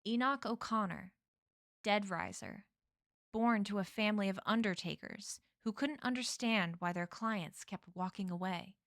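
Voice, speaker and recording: A cruel, smug shape-shifting man, voiced by a woman reading aloud, savoring every taunt as he hops between borrowed accents. He speaks slowly in a close, dry read. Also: mid-range voice, a bit bright, no room sound. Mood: mocking. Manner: taunting, relishing, switches between put-on accents.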